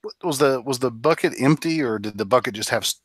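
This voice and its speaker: A man playing a tabletop game, speaking hesitantly with halting restarts. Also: mid-range voice, no echo. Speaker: player. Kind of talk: casual tabletop play.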